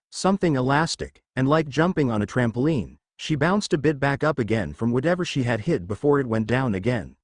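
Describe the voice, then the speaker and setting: A man narrating an action fan fiction story aloud in an animated storytelling manner. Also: mid-range voice, no echo, clean studio sound.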